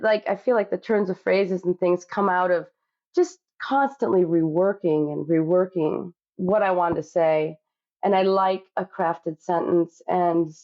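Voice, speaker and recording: A woman's voice: lowish voice, dull audio. A woman cookbook author talking reflectively in a podcast interview, with many you-knows.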